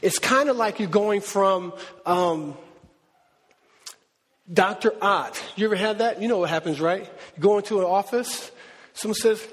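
A man preaching a conversational, animated sermon, acting out quoted voices as he teaches. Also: high-pitched, unhurried, long pauses. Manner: animated, conversational, acts out God's voice. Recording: long hall reverb.

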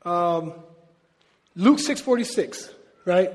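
A man preaching a sermon in a lively, conversational way, often asking the congregation questions. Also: fairly high pitch, a little fast. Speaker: pastor. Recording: long reverb of a large hall.

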